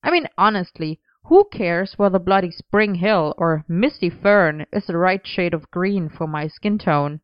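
A woman's voice: on the low side, expressive, measured pace, hardly any pauses, clear, resonant tone, dry recording, dull audio. Woman doing a whiny young male dancer. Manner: whinging and teasing.

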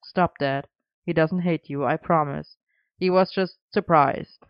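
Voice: medium pitch, normal speed, smooth, no room sound, lo-fi sound, natural voice. A reader doing an earnest, protective young man.

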